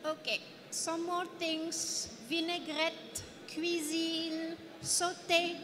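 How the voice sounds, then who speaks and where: A woman's voice: extremely high pitch, level tone, drawn-out words, a crowd in the background. A woman from France with a French accent, giving a playful interactive lecture and quizzing her audience. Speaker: guest lecturer. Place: conference hall. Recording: reverberant hall.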